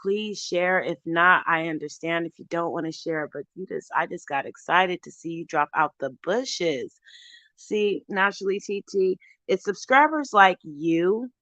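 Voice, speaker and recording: A woman's voice: fairly low pitch, measured pace, fairly bright tone, no echo. A woman hosting her recovery channel in a casual livestream chat, earnest and heartfelt, often restarting her sentences.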